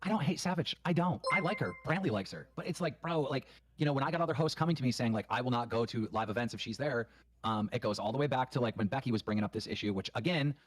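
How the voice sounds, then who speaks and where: A man's voice: medium pitch, animated, very fast. A man hosting a livestream show, talking bluntly and emphatically with plenty of profanity. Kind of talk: livestream commentary.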